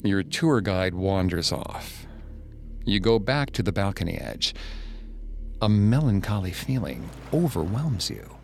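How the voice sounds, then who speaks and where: A man narrating a second-person horror story in a slow, hushed way. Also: low-pitched, big pitch swings, gravelly, slight background noise.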